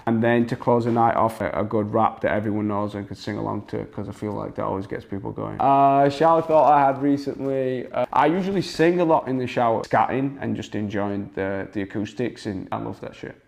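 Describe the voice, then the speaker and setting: A man speaks in a loose, unhurried interview manner. He wanders through his answers with plenty of ums and likes. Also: on the low side, fairly even intonation, creaky, darkish tone. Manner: laid-back, rambling, with many ums and likes. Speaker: guest singer. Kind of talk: casual interview chat.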